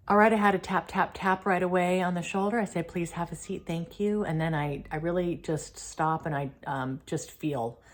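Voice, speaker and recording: A woman host chatting casually in a spiritual vlog, full of fillers and light laughs. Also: low voice.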